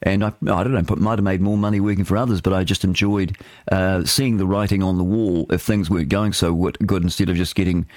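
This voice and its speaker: A man's voice: low-pitched, steady tone, fast, darkish tone, no echo, clean studio sound. A man, hosting a breakfast radio show and chatting in a rambling, self-deprecating way. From New Zealand. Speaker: radio host. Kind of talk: casual breakfast radio chat.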